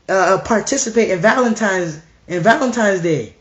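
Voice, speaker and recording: A man's voice: high-pitched, expressive, normal speed, roomy sound. A man preaching an emphatic, repetitive monologue full of rhetorical questions.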